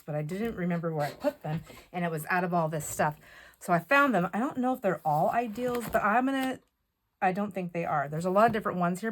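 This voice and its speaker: A woman chatting to camera while showing off a craft haul, excitable and full of fillers and asides. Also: fairly low pitch. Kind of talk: casual chat to camera.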